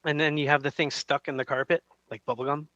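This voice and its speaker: A man's voice: fairly high pitch, level tone, fast, bright, forceful tone, no echo, muffled recording. A male radio co-host in casual banter, rambling with many fillers and restarts. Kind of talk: casual game-show banter.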